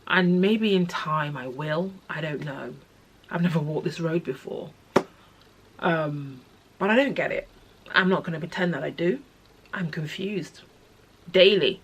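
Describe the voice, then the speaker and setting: A young adult woman talking to camera about personal grief, soft and halting, often sinking to a near-whisper. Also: deep voice, breathy edge. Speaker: vlogger sharing personal experience.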